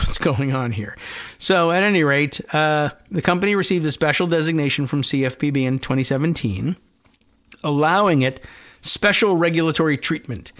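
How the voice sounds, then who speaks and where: A man's voice: on the high side, a bit bright, highs cut off. A man hosting a talk show, reading news items aloud and commenting on them in a wry, conversational way. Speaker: radio show host.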